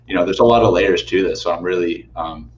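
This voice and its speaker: A man hosting a livestream, talking in a relaxed, casual way with some fillers. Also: low-pitched, fast. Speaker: livestream host. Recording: echoey, distant, dull audio with faint noise.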